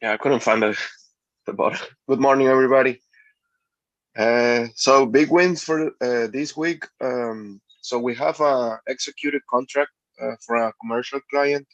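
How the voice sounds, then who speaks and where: Man agent, slow and halting, dry lo-fi call sound. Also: medium pitch, fairly even intonation, fairly bright tone, no echo. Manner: halting, many fillers. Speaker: real estate agent. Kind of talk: casual video call update. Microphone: video call. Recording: dry, dull lo-fi call audio.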